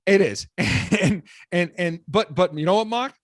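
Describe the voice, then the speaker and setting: A man's voice: high voice, expressive, moderate pace, dry recording. A man hosting sports talk radio, ranting with heat and repeating words as he gets worked up.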